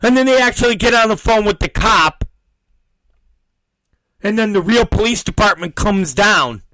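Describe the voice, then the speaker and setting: A man hosting a talk show, telling a story in a profane, animated rant and acting out the people in it. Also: sits high, normal speed, no echo, poor audio. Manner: profane, acts out quoted voices. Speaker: podcast host.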